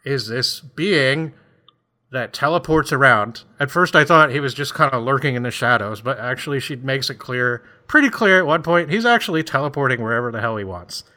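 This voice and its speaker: Man with a bright, mid-pitched voice, chatty and rambling, laughs easily. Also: expressive, fairly quick. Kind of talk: casual chat.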